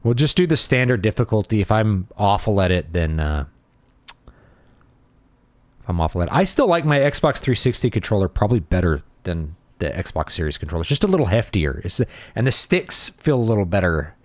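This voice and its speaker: A man's voice: on the low side, very animated, brisk, few pauses, dry recording. A man in his thirties streaming a game, talking casually and rambling as he thinks aloud. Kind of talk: casual gaming livestream chat.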